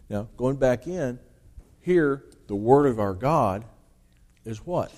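Mellow-voiced man preaching a sermon. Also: mid-range voice, expressive, slow. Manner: reads scripture aloud with rising emphasis, then explains with restarts.

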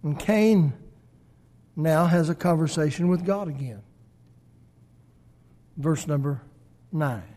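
Male preacher, slow and deliberate, slightly high-pitched, dramatic loud-soft sermon delivery. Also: lively intonation. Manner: swings between loud emphasis and hushed lows.

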